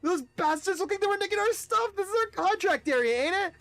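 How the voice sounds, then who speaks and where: A man voicing a brash, hot-tempered young man with a put-on British accent, shouting and swearing. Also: very high-pitched, animated, a little fast, creaky, no echo, faint music behind, voice pushed up, exaggerated voice. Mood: angry shouting.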